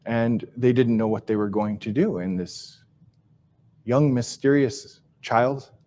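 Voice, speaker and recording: A man giving a live teaching talk and telling a story, speaking slowly and reflectively, repeating and restarting phrases, his sentences fading softly at the ends. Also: mid-range voice. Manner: slow, reflective delivery with soft, trailing phrase endings; repeats and restarts phrases while searching for words. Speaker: Ojibwe language teacher and speaker.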